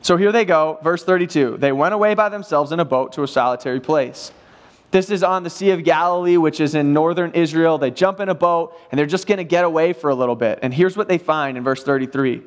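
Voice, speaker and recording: A man preaching a sermon in church, retelling a Bible story in a casual, animated way with acted-out quotes. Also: fairly high pitch, a little fast. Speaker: pastor.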